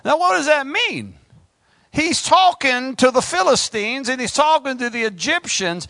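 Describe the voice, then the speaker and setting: A man's voice: very high-pitched, lively intonation, measured pace, vocal fry, pushed and bright, no echo. A man preaching an impassioned sermon, calling out to his congregation.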